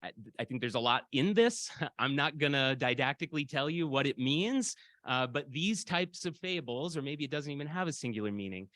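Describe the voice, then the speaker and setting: A male lecturer talking to an audience in a loose, conversational way, telling stories and pausing often as he thinks. His voice sits mid-range. The sound is dry and close, with no room echo. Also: medium pitch, animated, fairly bright tone. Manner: conversational, storytelling, hesitant. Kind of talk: public lecture.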